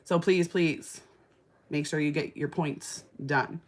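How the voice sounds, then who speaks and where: A woman's voice: low-pitched, steady tone, slow pace. A woman, chatting casually on a live stream, answering comments and gushing about skincare sales. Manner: chatty, gushing, fillers like "like" and "oh my gosh".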